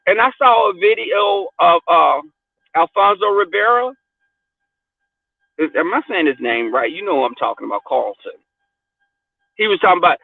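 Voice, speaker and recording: High-voiced blunt man on a tinny line. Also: normal speed, gravelly, long pauses. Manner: blunt, profane, animated storyteller. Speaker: podcast host. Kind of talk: candid casual chat. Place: car. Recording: dry tinny phone-like sound.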